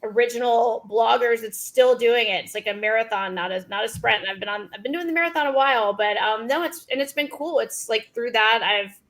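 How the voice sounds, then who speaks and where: Bubbly, fairly high-voiced woman. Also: a little fast, hardly any pauses, fairly bright tone. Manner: bubbly, self-deprecating, lots of fillers. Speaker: podcast guest, food blogger. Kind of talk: casual chat.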